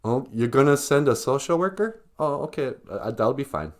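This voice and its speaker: A man's voice: sing-song, moderate pace, lightly acted. A man voicing a panicked woman calling the emergency line, pleading and frantic. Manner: frantic, pleading, high-pitched.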